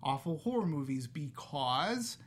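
A man hosting a casual movie review chat, talking in an animated way with sarcastic asides. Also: on the high side, a little slow. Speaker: podcast host.

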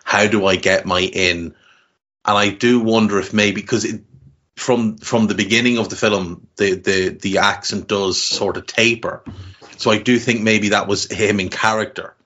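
Male podcast co-host, low-pitched, measured and musing, on muffled lo-fi audio. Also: fairly even intonation, fairly bright tone. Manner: measured, thinks aloud with repeated words. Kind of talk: casual film review chat.

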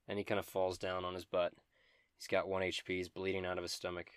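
Brief: game master narrating, low voice, dry close sound. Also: male voice, completely flat delivery, fast, clear, resonant tone, no room sound.

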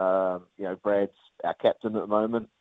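A man with a New Zealand accent, a rugby player chatting casually in an interview, relaxed with lots of fillers. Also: lowish voice, moderate pace, no room sound. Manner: relaxed, many fillers, says mate often. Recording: tinny phone line, dry.

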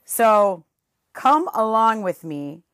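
A woman's voice: mid-range voice, big pitch swings, slow pace, fairly bright tone, clean tone, no echo, clean studio sound. A woman in her forties hosting a podcast, talking in a playful, sarcastic and encouraging way. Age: 40s. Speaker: podcast host. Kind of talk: motivational podcast monologue.

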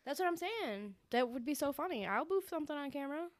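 A woman co-hosting a podcast, trading crude, quick-witted banter in casual chat. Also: sits high, lively intonation. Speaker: podcast co-host.

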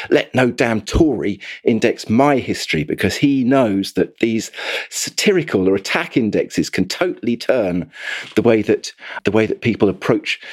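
A male author being interviewed, explaining history in an animated, thoughtful way with frequent restarts. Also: on the low side. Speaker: author and guest. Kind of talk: conversational interview.

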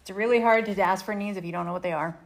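Measured woman giving relationship advice. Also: medium pitch, vocal fry, a little hiss or hum. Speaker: podcast co-host. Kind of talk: casual chat.

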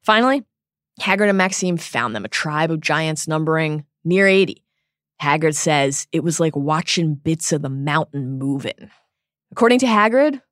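A woman co-hosting a podcast, recapping a book chapter with wry, animated asides. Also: lowish voice, dry recording, clean studio sound. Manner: wry, animated retelling with laughs. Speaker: podcast co-host. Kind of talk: casual book-discussion recap.

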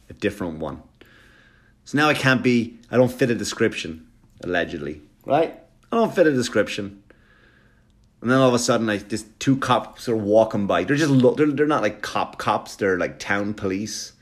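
A man doing stand-up, telling a long story in a quick, animated, profane way. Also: lowish voice. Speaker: stand-up comedian.

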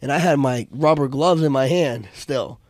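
A middle-aged man on a casual podcast, telling fight stories in an animated, profane way and acting out other people's voices. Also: mid-range voice, moderate pace, no echo, clean studio sound. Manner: animated storyteller, profane, acts out voices loudly. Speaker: podcast co-host, fight coach.

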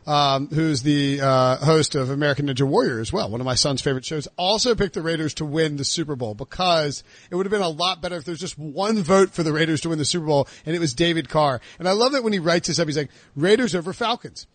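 A high-pitched man hosts a casual sports podcast, breaking into animated rants where his voice leaps upward. The sound is dry and close, with no room around it. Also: fast, few pauses, dry recording. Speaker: podcast host.

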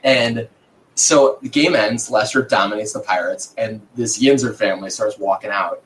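A man's voice: fairly low pitch, normal speed, a bit bright, slight background noise, low-quality recording. A man host telling a casual story in a podcast chat, swearing freely and breaking into laughter.

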